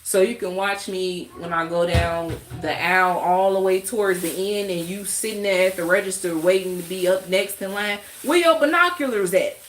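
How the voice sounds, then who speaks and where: A woman's voice: on the low side, flat delivery, normal speed, hardly any pauses, a little hiss or hum. A woman streaming live, talking in a blunt, exasperated, rambling way to her viewers. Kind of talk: casual live-stream rant. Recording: roomy echo.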